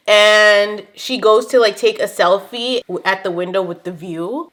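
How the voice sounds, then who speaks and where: Sassy, bright-voiced woman recapping TV. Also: mid-range voice. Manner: sassy, animated, laughs often. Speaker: recap show host. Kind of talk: casual TV recap chat.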